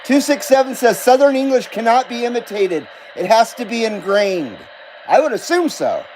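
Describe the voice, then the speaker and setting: A man's voice: very high voice, sing-song, normal speed, a little mellow, a little hiss or hum, poor audio. A man hosting a live stream in casual chat, reading viewer comments aloud and coughing now and then. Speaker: host.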